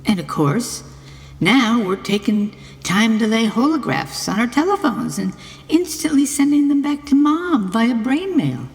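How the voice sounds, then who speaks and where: A woman delivers a scripted comic monologue with mock-earnest sincerity, her pitch swinging up and down animatedly. The voice trails off into a long, hall-like reverb. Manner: mock-earnest, playful wordplay. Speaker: narrator of a mock book trailer.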